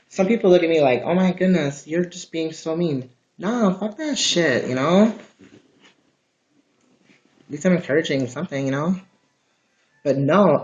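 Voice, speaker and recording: A man's voice: on the high side, highs cut off. A man chatting casually on a livestream from his home, rambling and swearing often. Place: at home, indoors.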